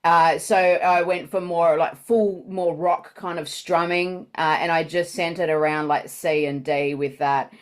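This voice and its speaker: A woman's voice: on the low side, fairly even intonation, measured pace, few pauses. Chatty woman giving improv tips. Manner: chatty, teaching tips, many fillers. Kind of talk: casual reaction commentary.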